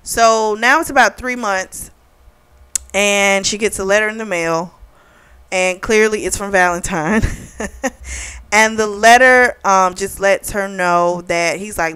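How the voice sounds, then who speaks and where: A woman's voice: medium pitch, slow, a bit bright, smooth, dry recording. A woman hosting a casual book review, retelling the plot in a chatty way with lots of "like" and "you know.".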